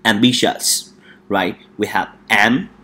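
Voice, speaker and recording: Slow, deep-voiced male English teacher. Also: fairly bright tone. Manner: repeats words for drilling, frequent hesitations. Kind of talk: vocabulary lesson.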